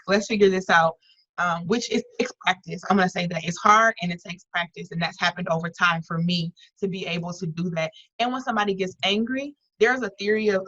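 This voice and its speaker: A woman's voice: medium pitch, fairly bright tone, dry recording, muffled recording. A woman leading an online workshop, talking earnestly and conversationally with frequent restarts and fillers over a video call. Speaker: workshop facilitator.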